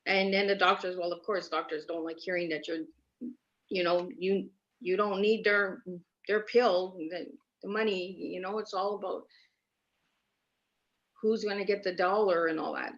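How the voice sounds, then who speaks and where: A woman's voice: medium pitch, steady tone, normal speed, fairly bright tone. A woman from Canada, a podcast guest, telling her personal story in an earnest, emphatic way and repeating herself for stress over a remote call. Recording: dull lo-fi remote audio.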